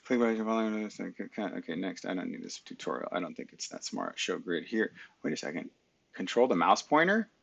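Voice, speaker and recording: Gravelly low-voiced man muttering at his computer. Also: expressive, fairly quick, a bit bright. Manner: mutters to himself and talks back to his computer. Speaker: live stream host. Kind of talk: casual screen-share talk. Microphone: webcam mic.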